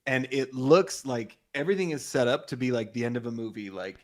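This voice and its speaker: A man's voice: medium pitch, a little fast. A man co-hosting a podcast, enthusiastically recapping a film in casual chat, laughing often and agreeing a lot. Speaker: podcast co-host.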